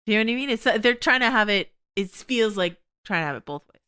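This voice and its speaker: A woman hosting a podcast, talking quickly and casually, full of fillers and laughs. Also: medium pitch, lively intonation, pushed and bright, clean tone. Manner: quick, chatty, full of "you know" and laughs. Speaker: podcast host. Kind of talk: casual TV discussion chat.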